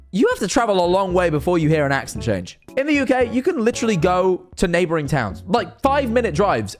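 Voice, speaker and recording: A young man chatting in a cheeky monologue. His voice sits high and bounces around expressively. Faint music plays softly behind him. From northern England. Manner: animated, cheeky, swears casually. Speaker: streamer and vlogger. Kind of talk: casual rambling monologue to camera.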